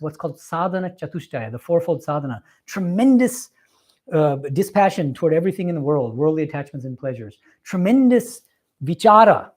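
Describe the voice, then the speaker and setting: Emphatic monk lecturing an audience. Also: male voice, on the high side, a little mellow. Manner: earnest, emphatic storytelling with laughs. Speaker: visiting swami giving a talk. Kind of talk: spiritual lecture with Q&A. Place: meditation hall with a live audience.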